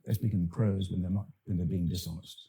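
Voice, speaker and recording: An older Australian man, an actor and director, talking as a podcast guest in a thoughtful, halting way with many fillers and restarts. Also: low-pitched, steady tone, vocal fry, warm tone, husky. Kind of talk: podcast interview.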